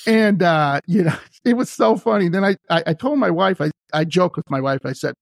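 A man hosting a podcast, telling a story in casual chat, animated and laughing often. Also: high-pitched, a little fast, vocal fry, few pauses, dry recording, clean studio sound. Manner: animated, laughs often, acts out quoted voices. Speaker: podcast host.

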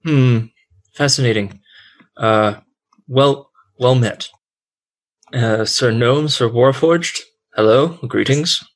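A man's voice: mid-range voice, slow, long pauses. A man voicing a nervous, jittery male dwarf innkeeper who stammers and fumbles his words. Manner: stammering, flustered.

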